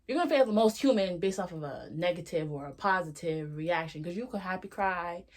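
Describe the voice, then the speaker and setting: A young woman with a slightly low-pitched voice talks into a close camera, sharing a candid video diary. Her speech is loose and slangy, full of fillers and asides as she reflects out loud. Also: brisk. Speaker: vlogger.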